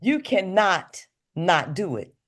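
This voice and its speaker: A woman co-hosting a radio show, speaking about faith in a slow, emphatic, preaching manner. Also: on the low side, big pitch swings, fairly bright tone. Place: radio studio.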